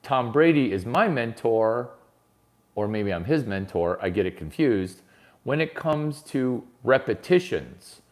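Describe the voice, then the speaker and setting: A man doing a rambling stand-up monologue, brash and profane, swinging from mutters to shouts. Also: medium pitch, lively intonation, unhurried. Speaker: comedian.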